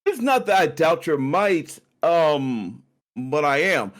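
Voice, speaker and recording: A man's voice: on the high side, very animated, slow pace, pitched above the performer's own voice. A man voicing a boastful, seasoned male innkeeper who talks in a drawling way and calls everyone y'all.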